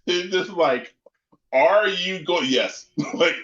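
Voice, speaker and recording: A man's voice: high-pitched, slow pace, muffled recording. Rambling, laughing man, echoey room. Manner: rambling, laughs often, excitable. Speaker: player. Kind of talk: casual post-session recap.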